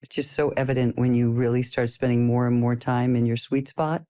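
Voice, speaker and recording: A middle-aged woman talks listeners through a personal growth lesson in a casual, animated voice. She keeps it playful and light and laughs often as she goes. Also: extremely low pitch, a little fast. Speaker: personal development course teacher.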